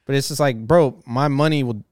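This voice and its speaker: A man in his thirties tells stories on a live podcast, profane and animated, laughing often. His voice is smooth and resonant, with a dry, close sound and mid-range pitch. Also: a little fast, no echo. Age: 30s. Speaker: podcast host. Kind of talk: casual chat.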